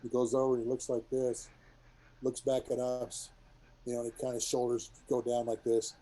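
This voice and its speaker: A middle-aged man, a retired military pilot, telling rambling war stories to a group in a casual, animated way. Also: mid-range voice, normal speed, low-quality recording. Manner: rambling, animated, many restarts and asides.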